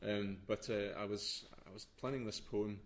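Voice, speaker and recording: A man's voice: lowish voice, fairly even intonation, normal speed, a little hiss or hum. A man explaining the story behind a poem, talking casually with lots of hesitations and restarts. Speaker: poetry blogger. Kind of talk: casual talk before a reading.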